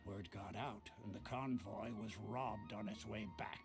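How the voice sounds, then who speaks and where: An actor voicing a composed male leader in a video game, calm and explanatory. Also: fairly low pitch, measured pace, faint music behind. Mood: briefing.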